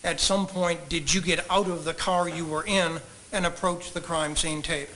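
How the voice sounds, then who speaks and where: A man examining a witness in a courtroom, asking measured, polite, leading questions. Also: a little high, steady tone, pushed and bright, slight background noise, rough recording. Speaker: trial attorney questioning a witness.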